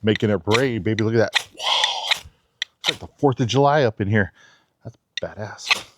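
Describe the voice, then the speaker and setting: Out in his backyard, a knife reviewer with a lowish voice shows off a knife, talking a little fast in a casual, laid-back demo with giggly asides. The recording is very noisy.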